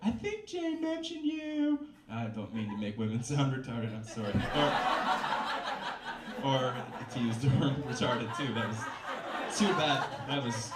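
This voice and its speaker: A man's voice: medium pitch, fairly even intonation, moderate pace, recorded from a distance, a loud crowd. A man reading a book aloud at a live comedy reading in a bistro, with wry, self-mocking asides. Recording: echoey room with background noise.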